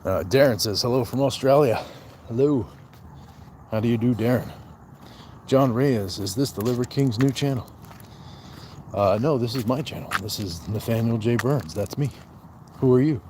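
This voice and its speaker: A man's voice: medium pitch, moderate pace, pauses often, a little mellow, a little hiss or hum. A man hosting a casual livestream. He jokes, greets viewers by name, reads out chat comments and counts his push-ups aloud. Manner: joking, talks to viewers by name. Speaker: livestream host.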